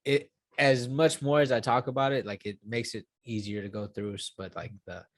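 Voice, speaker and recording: A man's voice: mid-range voice, level tone, moderate pace, dry recording. A young man in his twenties talking casually in an interview, rambling with many fillers and restarts and swearing now and then. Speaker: UFC fighter.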